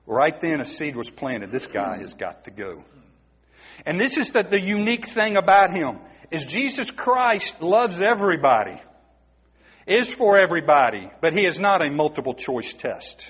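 Husky preacher in a big hall. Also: male voice, on the high side, very animated, normal speed, fairly bright tone. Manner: emphatic, rhetorical questions to the congregation. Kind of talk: sermon. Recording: dull, muffled recording in a reverberant hall.

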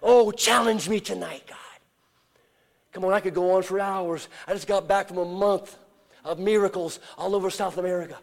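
A man preaching as a traveling evangelist, telling a story and acting out the voices in it, swinging from shouts to hushed whispers. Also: high voice, moderate pace, vocal fry. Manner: acts out quoted voices in storytelling. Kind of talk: sermon.

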